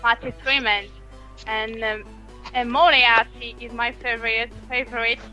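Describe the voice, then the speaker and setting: A woman's voice: a little high, flat delivery, unhurried, pushed and bright, faint music behind, poor audio. A woman taking part in an online English club, searching for words as she talks. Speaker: club participant. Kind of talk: casual chat as an English learner.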